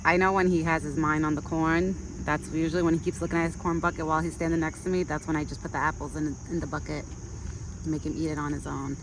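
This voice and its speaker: A gentle vlogger, recorded outdoors in a rural yard with crickets chirping and a faint hiss behind the voice. The delivery slides between lifted, sing-song baby talk aimed at an animal and easy, unhurried commentary for the viewer. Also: medium pitch. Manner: relaxed, chatty asides to the viewer. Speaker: vlogger feeding a wild deer. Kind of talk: casual vlog narration mixed with talk to an animal. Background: crickets and faint outdoor ambience.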